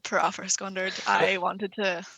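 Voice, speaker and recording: Bright-voiced Northern Irish young woman. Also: mid-range voice, little pitch movement, unhurried, creaky, no echo. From Northern Ireland. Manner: blunt, sweary storytelling. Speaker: podcast co-host. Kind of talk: casual chat.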